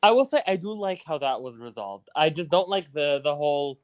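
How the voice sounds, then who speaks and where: A man's voice: a little high, lively intonation, a little fast, smooth. A man co-hosting a podcast, chatty and reflective as he weighs up a film. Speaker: podcast co-host. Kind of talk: casual movie review chat.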